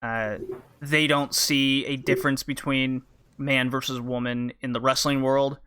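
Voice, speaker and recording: A man's voice: mid-range voice, little pitch movement, unhurried, pushed and bright, clear, resonant tone. A man hosting a casual podcast chat, leading the talk and explaining things to his co-host. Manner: explanatory, leads the talk with questions.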